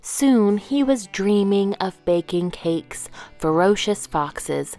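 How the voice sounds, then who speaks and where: Woman storyteller for kids: slow, expressive read-aloud. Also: medium pitch, soft background music. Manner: gentle, expressive reading with slow pacing. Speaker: children's storyteller.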